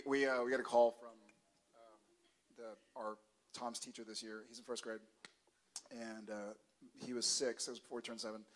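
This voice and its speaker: Soft-spoken man telling a family story. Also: mid-range voice, background noise. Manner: soft, laid-back, understated delivery. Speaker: convention panel guest. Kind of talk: storytelling to an audience. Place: large convention hall with audience.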